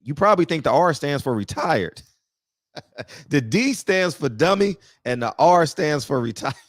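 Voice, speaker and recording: A man's voice: fairly high pitch, very animated, moderate pace, no echo, studio quality. A man hosting a casual talk show, speaking bluntly and profanely, often laughing at his own jokes. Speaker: podcast host.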